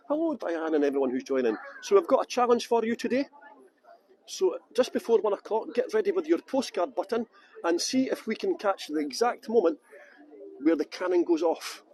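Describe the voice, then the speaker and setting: Chatty Scottish tour guide, lively high voice. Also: male voice, moderate pace, poor audio. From Scotland. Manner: chatty, jokey, greets viewers by name. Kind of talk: live-streamed walking tour chat.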